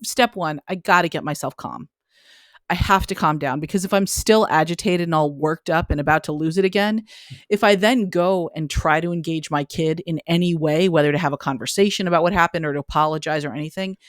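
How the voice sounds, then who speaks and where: A woman's voice: sits low, fast talker, no echo, studio quality. A woman in her forties, a parenting author, explaining candidly in a podcast interview with self-deprecating humor.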